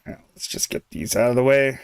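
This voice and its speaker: A young streamer with a mid-range, gravelly yet clean voice talks a little fast with lively intonation, in studio quality without echo. Chatting casually while gaming, he rambles, laughs softly often, and trails off partway through thoughts.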